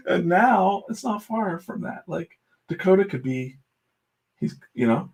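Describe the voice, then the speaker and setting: A man's voice: a little high, wildly swooping pitch, measured pace, long pauses, darkish tone, breathy edge. A middle-aged man, a comic artist, chatting casually while he draws on a live stream, blunt and prone to fired-up pep talks with mild swearing.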